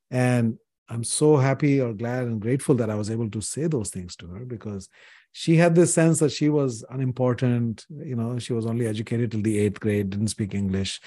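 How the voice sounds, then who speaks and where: Speaking as a podcast guest, a man in his sixties from India tells personal stories in an earnest, thoughtful way, often with a "you know." His voice is mid-range and dark, recorded dry with clean studio sound.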